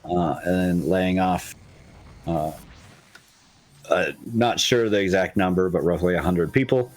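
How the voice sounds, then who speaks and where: A man co-hosting a casual gaming podcast, running through news with many halting fillers and blunt jokes. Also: deep voice. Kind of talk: casual chat.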